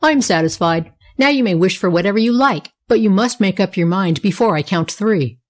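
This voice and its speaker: A woman's voice: medium pitch, animated, normal speed, natural voice. A woman voicing a stern little old fairy godmother in a storybook reading, with a cracked, wavering voice.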